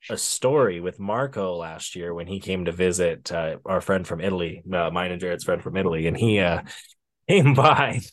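A man co-hosting a podcast in casual chat, telling stories with big swings in his voice. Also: normal speed. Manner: animated storyteller with big pitch swings.

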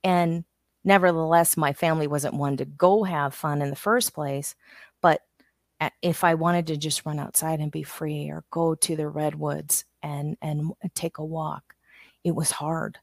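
Brief: middle-aged woman, lowish pitch, dry close mic, frank chatty guest. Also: little pitch movement, unhurried, gravelly, a little mellow, dry recording. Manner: candid, storytelling, self-interrupting. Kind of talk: casual chat.

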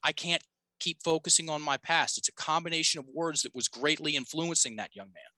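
A man on a podcast tells a story from his coaching work, emphatic and casual, with a swear word dropped in here and there. His voice is pitched a little high and sounds strikingly bright and forceful. The sound is dry. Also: fairly quick, dry recording, low-quality recording. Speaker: podcast guest, communication coach.

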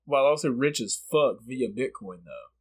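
Brief: casual male podcast host, relaxed, profane, friendly slang. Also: mid-range voice, normal speed, low-quality recording. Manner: laid-back, swears a lot, says "bro" and "dude". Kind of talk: casual chat.

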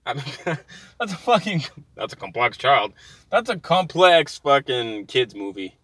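Brief: thirties man, bright forceful voice, dry close sound, profane car rant. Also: medium pitch, unhurried, dry recording. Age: 30s. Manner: swears constantly, heated and animated. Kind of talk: profane ranting monologue. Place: inside a car.

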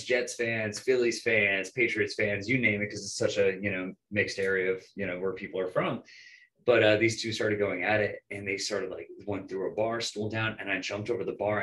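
Low-voiced bartender telling stories. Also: male voice, normal speed, low-quality recording. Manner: animated, swearing, quotes himself in raised voice. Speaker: bartender guest. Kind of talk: casual storytelling.

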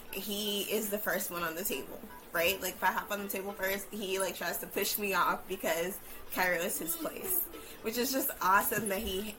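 Brief: a mom hosting a podcast, encouraging listeners, mid pitch, noticeable noise behind her. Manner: warm, encouraging, says "right?" often. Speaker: podcast host, mother. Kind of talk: casual chat.

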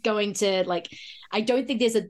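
A woman's voice: medium pitch, normal speed. A woman hosting a podcast, chatting animatedly about films and acting out quotes, laughing often. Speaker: podcast host. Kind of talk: casual film chat.

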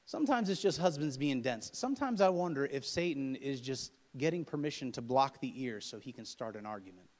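A man preaching a sermon with humor, swinging from loud emphatic passages to quiet asides and acting out couples' quarrels. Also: mid-range voice, lively intonation, brisk, hardly any pauses. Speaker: pastor. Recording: long hall reverb.

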